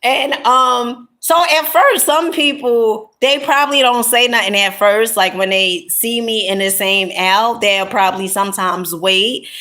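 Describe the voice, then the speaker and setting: A woman's voice: a little high, fairly even intonation, unhurried, hardly any pauses. A woman talks to her viewers in a loose, rambling storytelling vlog. She often starts over and fills gaps with "um" and "you know". She keeps calling listeners honey and my love. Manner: chatty, rambling, with many fillers and restarts; warm pet names to viewers. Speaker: content creator.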